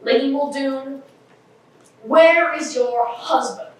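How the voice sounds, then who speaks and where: A woman's voice: high-pitched, takes it slowly. A woman on a school stage playing a pompous, bumbling male police inspector in a live play, declaiming in a grand, theatrical way. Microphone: distant room mic. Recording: echoey hall from far off, faint hiss.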